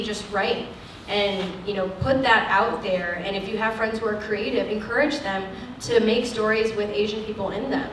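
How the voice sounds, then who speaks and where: An actress speaking frankly at a lecture, acting out the people she quotes in an animated way. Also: medium pitch, a little hiss or hum. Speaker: actress giving a guest lecture. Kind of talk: candid talk at a lecture Q&A. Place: lecture hall. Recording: echoey hall, distant mic.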